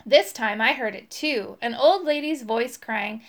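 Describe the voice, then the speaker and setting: A woman's voice: a little high, a little slow. Woman reading a children's story aloud. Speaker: storybook reader.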